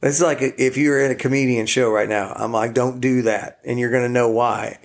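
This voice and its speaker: A man's voice: medium pitch, fairly even intonation, a little fast, creaky. A man co-hosting a couple's podcast, earnest and joking, who turns to make asides to the listeners in casual chat. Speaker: podcast co-host.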